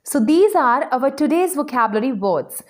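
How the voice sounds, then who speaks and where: A woman, an English trainer, slowly explaining vocabulary words one by one in a lesson. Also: high-pitched, animated, loud music behind the voice. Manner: slow, deliberate word-by-word explanation.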